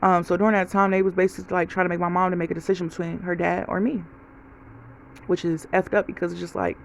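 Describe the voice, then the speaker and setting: A woman's voice: fairly low pitch, flat delivery, fast talker, vocal fry, a little hiss or hum, rough recording. A woman vlogger giving a casual life update, telling stories straight to her viewers. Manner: chatty storytelling, talks straight to viewers.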